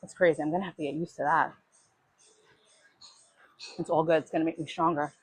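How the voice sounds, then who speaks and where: A woman's voice: sits low, steady tone, brisk, dry recording, low-quality recording. A woman vlogging her workout in a gym, chatting while she exercises and out of breath. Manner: chatty, talks while exercising, sighs and clears throat. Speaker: fitness vlogger. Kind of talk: casual workout livestream talk.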